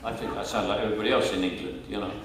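Racing through his anecdotes, the older man with a Cockney accent speaks in a lowish voice with lively intonation. He laughs often, repeats words on restarts, and keeps the interview casual and chatty. It's captured from afar in an echoey room with slight background noise.

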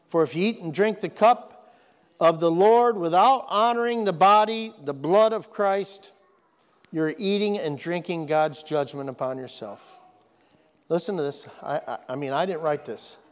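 A man's voice: high-pitched, long reverb tail. A man preaching a sermon to his congregation, emphatic, repeating phrases and asking if they are listening. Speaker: pastor. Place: church sanctuary.

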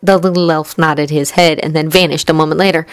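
A woman reading fanfiction aloud as an audiobook, in steady, measured storytelling. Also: deep voice, clear, resonant tone, rough recording. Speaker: fanfiction reader. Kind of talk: audiobook narration.

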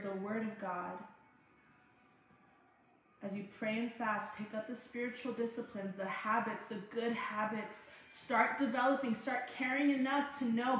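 A woman's voice: mid-range voice, a little hiss or hum. A woman pastor leading an online Bible study, speaking from the heart, telling personal stories and speaking straight to her listeners. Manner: heartfelt, personal storytelling, addresses listeners directly. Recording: very echoey room.

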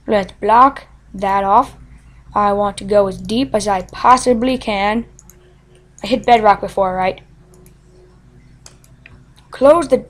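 A woman hosting a game let's play, chatting casually to herself in a goofy, playful way with frequent giggles. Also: on the high side. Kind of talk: casual gameplay commentary.

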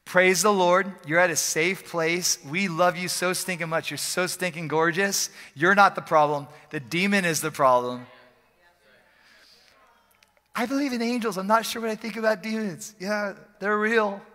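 A male pastor preaching an energetic, joking, conversational sermon in a church service, often repeating phrases for emphasis. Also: high voice, moderate pace. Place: church sanctuary during a service. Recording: long hall reverb from a church.

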